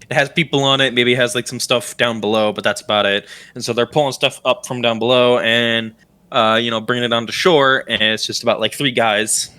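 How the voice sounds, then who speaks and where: A man's voice: mid-range voice, pushed and bright, smooth. A young man narrating a tabletop game as game master, rambling with many fillers.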